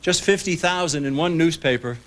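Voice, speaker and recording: Man, author, public speech, fairly high voice, folksy, emphatic, acts out quotes. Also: normal speed. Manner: folksy and emphatic, quotes others in lively asides. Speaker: author giving a lecture. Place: public library lecture hall. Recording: 1990s broadcast recording.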